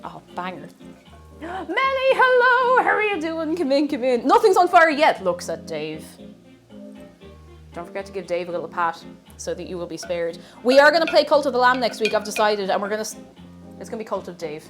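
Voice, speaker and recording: A woman's voice: medium pitch, big pitch swings, brisk, soft background music. An Irish woman chatting with her stream audience while cooking in her home kitchen, bubbly and talkative. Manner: chatty, bubbly, reads out viewer names. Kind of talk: casual livestream chat while cooking.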